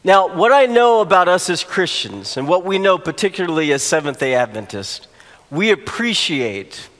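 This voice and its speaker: A man, a pastor, telling a humorous personal story during a sermon, animated at the funny moments. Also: sits high, normal speed. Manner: storytelling, rising to animated exclamations for comic effect. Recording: long hall reverb.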